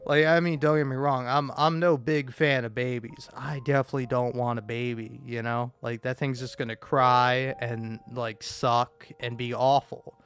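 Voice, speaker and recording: A man's voice: mid-range voice, steady tone, normal speed, few pauses, fairly bright tone, smooth, faint music behind. A man live streaming a game, rambling casually with lots of fillers, stammers and swearing. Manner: meandering, profane, stammering with many fillers.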